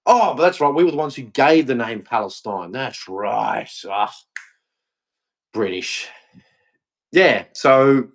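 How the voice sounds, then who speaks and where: An Australian man delivering a heated, blunt opinion rant, repeating himself and swearing. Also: mid-range voice. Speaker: vlogger.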